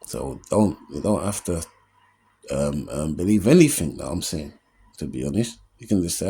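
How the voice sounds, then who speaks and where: A man's voice: very deep voice, expressive, normal speed, gravelly, dark tone, slightly rough. A man, hosting his own opinion show as a comedian and giving an earnest, streetwise motivational monologue. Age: 40s. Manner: streetwise, earnest, keeps asking "you know what I mean?".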